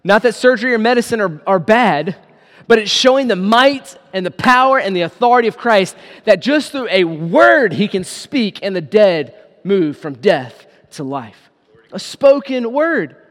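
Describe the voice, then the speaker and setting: A man preaches to his church, retelling scripture with lively paraphrased quotes. His voice sits high for a man. The hall rings with a long reverb behind him. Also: a little slow. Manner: animated, acts out quotes in paraphrase. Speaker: pastor. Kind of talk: sermon.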